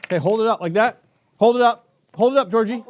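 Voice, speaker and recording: A man telling a story to a child with toys, chatty and animated, full of asides. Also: sits high, fast talker, a little hiss or hum. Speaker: storyteller uncle.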